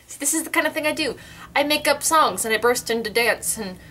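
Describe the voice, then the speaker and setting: A woman's voice: high-pitched, lively intonation, brisk, pushed and bright, slight background noise. A teenage girl vlogging in casual chat, telling stories in a bubbly, theatrical way.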